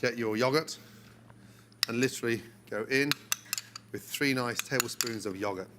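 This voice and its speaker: A man demonstrating a recipe step by step in a relaxed, encouraging way, as on a cooking show. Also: mid-range voice, normal speed, very noisy. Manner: relaxed, encouraging, talks through each step.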